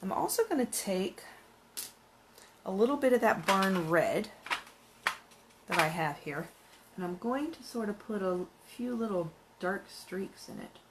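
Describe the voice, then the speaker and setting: Woman, mid-pitched voice, chatty craft vlogger talking to herself as she paints. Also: lively intonation, measured pace, pauses often, noisy background. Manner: thinks aloud, musing and chatty. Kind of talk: casual painting narration.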